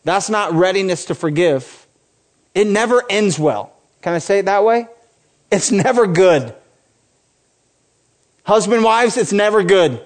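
A middle-aged man preaching a sermon in a conversational way, dropping his voice low for quoted lines and rising when animated. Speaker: pastor.

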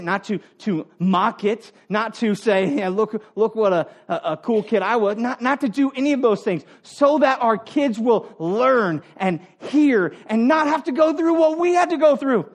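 Delivering a sermon, this male pastor takes on the voice of a parent and coach, hammering points home by repeating phrases. His volume shifts from loud, emphatic passages to quiet, low asides.

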